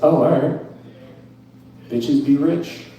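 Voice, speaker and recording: A man's voice: a little high, takes it slowly, warm tone, heavy reverb, distant mic, a little hiss or hum, low-quality recording. A young man doing a stand-up set at an open mic, ranting in a profane, incredulous, self-mocking way. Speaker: stand-up comedian. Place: club stage.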